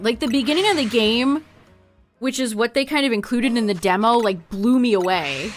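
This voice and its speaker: With faint music playing behind her, a woman with a fairly high voice talks at a normal speed to her viewers during a game stream. The chat is casual, full of laughter, and her sentences often trail off.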